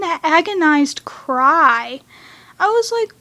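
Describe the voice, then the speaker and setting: High-voiced gushing young woman fan rant. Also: slow pace, a bit bright. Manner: gushing, rambling, acts out characters with sudden high cries. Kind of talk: excited fan rant about a cartoon episode.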